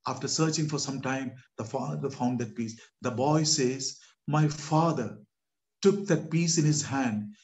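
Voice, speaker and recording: A man with a mid-range voice preaches a sermon at an unhurried pace, telling a story with animated delivery that swells at dramatic moments. He addresses his listeners as beloved.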